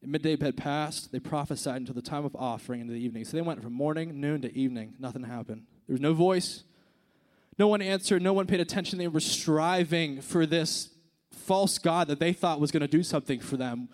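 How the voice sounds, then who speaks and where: High-voiced preacher, hushed then emphatic. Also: male voice, fairly quick. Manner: conversational, swings from hushed to emphatic. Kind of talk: sermon.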